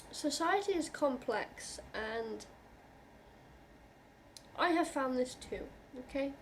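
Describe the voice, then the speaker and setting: A woman vlogger with a fairly high voice speaks straight to her viewers in a heartfelt, reassuring way. She halts and restarts often as she works through her thoughts. Faint room ambience sits behind her. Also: animated, slight background noise. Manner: earnest and reassuring, halting with frequent restarts; heartfelt, openly emotional. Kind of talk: personal talk to camera.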